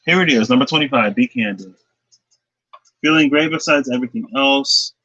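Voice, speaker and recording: Young male tarot streamer, rambling casual chatter, bright forceful tone, close dry sound. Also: mid-range voice, normal speed, no echo, dull audio. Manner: rambling, chatty, laughs often, lots of fillers. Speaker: tarot card reader. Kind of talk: casual livestream chat. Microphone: laptop webcam.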